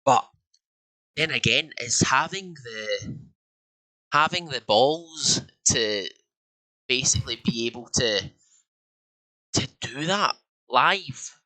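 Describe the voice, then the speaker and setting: On a low-quality recording, a young Scottish podcast co-host chats casually in an animated, medium-pitched voice that sounds pushed and bright. He speaks slowly and pauses often, rambling with frequent fillers and restarts.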